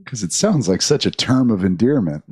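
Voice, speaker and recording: A man's voice: lowish voice, animated, normal speed, a little mellow, slightly rough. A man co-hosting a podcast, talking in an easygoing, agreeable way as he explains things. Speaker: podcast co-host. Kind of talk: casual chat.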